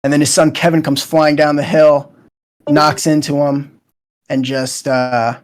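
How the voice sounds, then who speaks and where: A man's voice: a little high, level tone, measured pace. A young man chatting casually as a co-host, retelling scenes in a loose, rambling way with lots of fillers. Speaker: show co-host.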